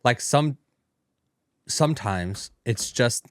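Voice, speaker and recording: A man's voice: on the low side, normal speed, no room sound. Laid-back male co-host, dry sound. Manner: laid-back, agreeable, many short affirmations. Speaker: podcast co-host. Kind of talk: casual commentary chat.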